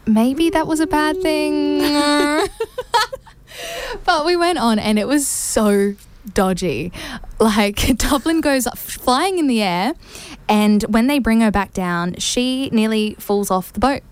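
Animated woman telling a story and laughing. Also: fairly high pitch, slow. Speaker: guest. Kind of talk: casual storytelling.

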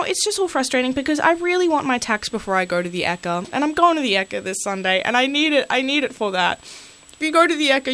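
Ranting Australian woman, high bright voice. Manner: exasperated, rambling, full of fillers. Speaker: community radio host. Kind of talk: ranting on-air talk. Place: radio studio. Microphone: studio microphone.

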